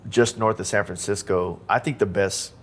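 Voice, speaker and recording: A man's voice: lowish voice, normal speed, husky. A man hosting a podcast, chatting casually and loosely with lots of "like" and "you know". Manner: relaxed, loose talk full of "like" and "you know". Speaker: podcast host. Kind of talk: casual interview chat.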